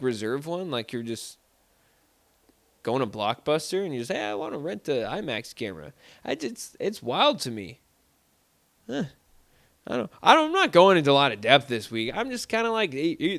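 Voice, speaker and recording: A man from South Dakota hosts his own podcast from a room at home. His voice sits a bit high, and he rambles through casual stories packed with fillers and slang. The sound is dry and close. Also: fairly bright tone, dry recording. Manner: rambling, filler-heavy, lots of "like" and "dude". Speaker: solo podcast host. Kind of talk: casual storytelling monologue.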